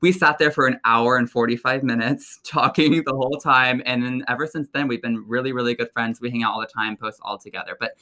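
Bright-voiced excitable young man chatting. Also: medium pitch, a little fast, few pauses. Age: young adult. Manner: chatty and excitable, lots of fillers and laughter. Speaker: guest, college student and social media creator. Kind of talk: casual interview chat.

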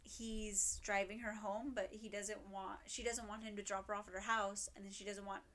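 A woman's voice: medium pitch, level tone, normal speed, a bit bright. A woman in casual chat, retelling a drama plot in a rambling way full of fillers and acted quotes. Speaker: co-host recapping a drama.

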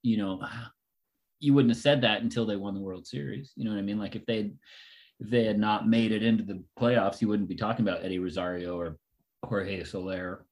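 A man in casual chat, telling rambling stories and getting animated and laughing as he goes. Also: on the low side, brisk.

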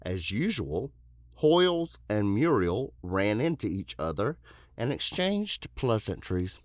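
Male podcast host, deep voice, casual true-crime narrator who jokes between passages. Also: big pitch swings, slow pace, no echo, studio quality. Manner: joking asides, puts on silly voices for quotes. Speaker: podcast host telling a case.

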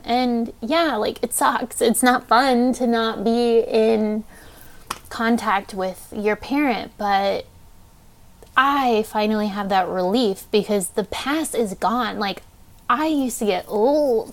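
A young woman with a fairly high voice talks candidly as a podcast host. Her delivery is casual and unpolished, full of "like" and the odd swear word. She speaks with open, heartfelt emotion throughout. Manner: casual, heavy use of "like", frequent swearing. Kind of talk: personal storytelling.

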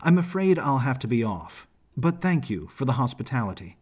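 Brief: man reading as a wry young woman adventurer, husky, lightly raised pitch, storybook. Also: very animated, moderate pace. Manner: dry, wry and self-assured.

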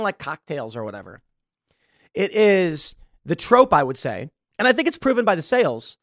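A man's voice: high-pitched, dry recording, clean studio sound. A man hosting a political podcast, talking through a sarcastic, mocking commentary monologue. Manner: sarcastic, animated, mocking asides. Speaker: podcast host.

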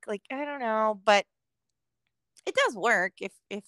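A woman's voice: fairly high pitch, animated, unhurried, long pauses, pushed and bright, no room sound. A middle-aged woman co-hosting a podcast, chatting casually, swearing constantly and laughing as she acts out quotes. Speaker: podcast co-host. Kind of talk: casual chat.

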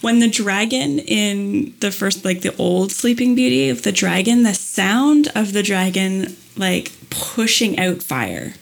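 A woman's voice: medium pitch, slow pace, gravelly, few pauses. A woman chatting casually as a podcast guest, telling a long story with lots of "like" and "um". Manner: animated storytelling with many fillers. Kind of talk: casual chat.

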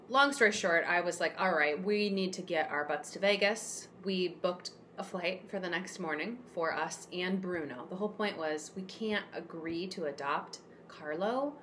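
Woman guest, slightly low voice, emotional storyteller, faint background hum. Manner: emotional, expressive, lots of fillers. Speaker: podcast guest, cat rescuer. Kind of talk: conversational storytelling.

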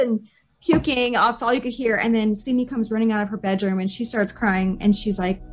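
A woman's voice: fairly high pitch, fairly quick. A woman in casual conversation, animatedly retelling events and acting out what people said. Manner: animated retelling, acts out quotes. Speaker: interviewee. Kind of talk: casual chat.

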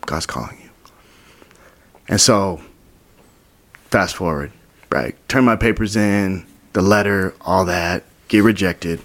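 Gravelly low-voiced young man telling stories. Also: slow pace. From Utah. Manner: animated, acts out quotes with whispers and sudden high bursts. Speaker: podcast guest. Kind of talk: storytelling in casual interview.

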